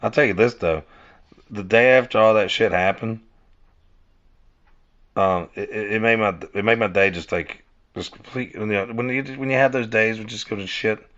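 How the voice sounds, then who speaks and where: A man's voice: on the low side, a bit bright. A man rambling casually through a monologue, cursing and restarting his sentences. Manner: rambling, repeats and restarts, cursing, addresses listeners as y'all. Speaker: podcast host. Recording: dull lo-fi recording.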